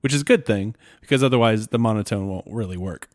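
A man's voice: lowish voice, fast talker, no echo, studio quality. A man co-hosting a casual podcast, teasing his partner with playful, rambling asides. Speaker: podcast co-host.

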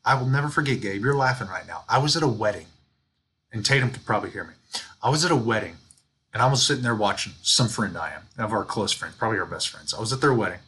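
A man co-hosting a sports podcast, telling stories in an animated, ranting way. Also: lowish voice, fast talker, breathy edge. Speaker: podcast co-host. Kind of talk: casual sports chat.

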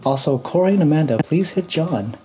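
A man's voice: on the high side, expressive, fairly quick, dark tone, soft background music. A man co-hosting a gaming podcast, reading a listener's letter aloud in casual chat. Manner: reads listener letters aloud, laughs often. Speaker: podcast co-host.

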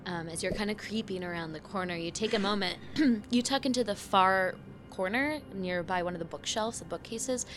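A woman narrating a tabletop game scene as game master, relaxed and filled with ums and uhs. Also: medium pitch, normal speed, few pauses, soft background music.

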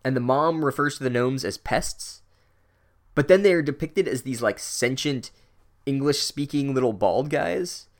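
A man's voice: medium pitch, unhurried. Man doing a sardonic book recap, casual and crude, heavy on filler words. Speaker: book reviewer. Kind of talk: sarcastic chapter recap.

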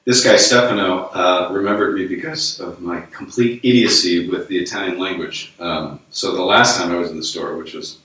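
American man, very low voice, chatty storyteller, echoey room, mic at a distance. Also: moderate pace, hardly any pauses, pushed and bright. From United States. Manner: rambling storyteller, lots of fillers. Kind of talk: casual conversation.

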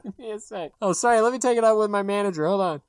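A man's voice: high voice, smooth, dry recording, clean studio sound, voice pushed up, close to an everyday voice. A man playing a harried male drive-thru worker who swears and stumbles through the order in an improvised comedy sketch. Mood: flustered. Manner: swears casually, rushed and flustered.

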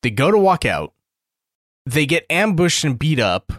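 A man's voice: fairly high pitch, big pitch swings, measured pace, fairly bright tone, dry recording, studio quality. A man co-hosting a podcast, griping bluntly and emphatically with casual swearing. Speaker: podcast co-host. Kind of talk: casual chat.

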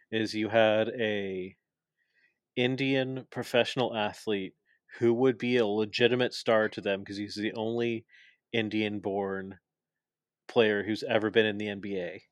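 Low-voiced man, opinionated casual chat. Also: dry recording, studio quality. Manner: opinionated, explains at length with many fillers. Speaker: podcast co-host.

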